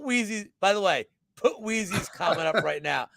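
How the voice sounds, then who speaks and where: Lively, profane man ranting about bets. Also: high-pitched, moderate pace, vocal fry, hardly any pauses, dry recording. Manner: animated, profane, boastful rants. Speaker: sports betting guest. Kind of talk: casual livestream chat.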